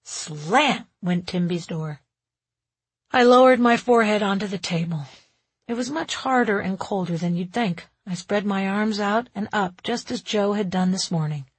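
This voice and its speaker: A woman reading a first-person novel aloud in a wry, expressive way. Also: medium pitch, normal speed, breathy edge, no room sound. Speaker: audiobook narrator.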